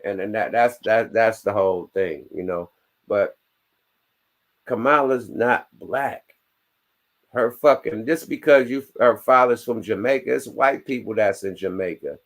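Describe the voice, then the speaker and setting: A man's voice: on the low side, a little slow, a bit bright. A man hosting a casual podcast chat, talking bluntly with plenty of profanity and laughing asides. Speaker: podcast host.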